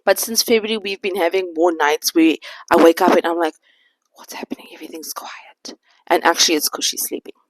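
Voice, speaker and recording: A woman's voice: lowish voice, fast, no room sound, low-quality recording. A woman in her thirties talking candidly to camera in a sit-down vlog, reflective and a little out of breath. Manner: candid, reflective, faith-centered. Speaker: vlogger.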